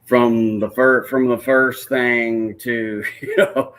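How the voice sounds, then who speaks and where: A man hosts a casual interview, and his voice sits in an ordinary middle range. He keeps nudging his guest along with quick affirmations, then winds into long, loosely built questions. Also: medium pitch, level tone, fairly bright tone. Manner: encouraging, with frequent short affirmations and long rambling questions. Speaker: podcast host.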